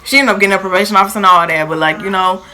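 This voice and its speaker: A young woman telling a storytime vlog in a lively, filler-heavy way, acting out quotes, with features. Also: medium pitch, very fast, low-quality recording. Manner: animated, filler-heavy retelling with acted quotes. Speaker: vlogger.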